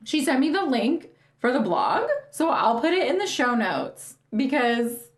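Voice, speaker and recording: A woman's voice: high-pitched, sing-song, unhurried. A young woman co-hosting a podcast, chatting casually, gushing and giggly, her voice cracking now and then. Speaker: podcast co-host. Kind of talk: casual chat.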